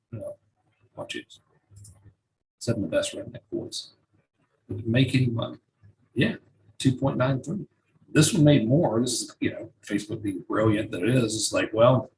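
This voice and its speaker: A man's voice: medium pitch, low-quality recording. A man teaching over a screen share in a loose, casual way, swearing and thinking aloud as he clicks through. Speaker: marketing instructor.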